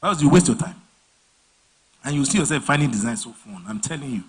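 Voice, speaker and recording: A man's voice: mid-range voice, fast, breathy edge. A man giving a casual live design training, telling stories and voicing clients and bosses along the way. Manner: animated storyteller, voices clients and bosses mid-story. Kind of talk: casual live training talk with acted-out anecdotes.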